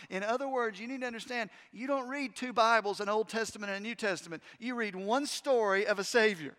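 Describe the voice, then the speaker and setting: Emphatic preacher with high voice. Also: male voice, a little fast. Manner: emphatic, swings from hushed to loud. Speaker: pastor. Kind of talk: sermon. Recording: long hall reverb.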